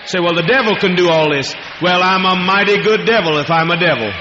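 A man's voice: high voice, brisk, background noise. A man preaching at a healing service, cursing freely and barking commands at the congregation. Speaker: preacher and faith healer. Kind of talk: fiery healing-service sermon. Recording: dull lo-fi archive recording in a reverberant hall.

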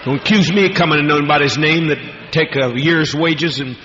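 A man's voice: a little high, brisk, bright, forceful tone, slight background noise. A man preaching a fiery, profane, rambling sermon to a congregation in a large hall. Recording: echoey hall, dull lo-fi archival tape.

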